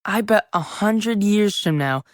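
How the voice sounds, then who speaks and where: A woman playing a seventh-grade boy who narrates his own story in a full-cast audiobook, lively and chatty with sudden yells. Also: medium pitch, unhurried, dry recording, close to an everyday voice. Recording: dry close studio sound.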